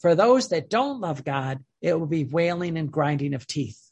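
Husky-voiced earnest devotional teacher. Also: mid-range voice, expressive, normal speed, a little mellow. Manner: earnest, repeats and restarts phrases. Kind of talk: informal religious teaching.

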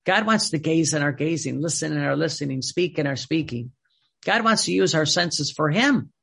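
A male preacher with a gravelly, husky voice pitched a little high. He preaches emphatically, repeating phrases and restarting sentences as he builds his point. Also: expressive, normal speed, a bit bright. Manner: repetitive, emphatic, with many restarts. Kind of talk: sermon.

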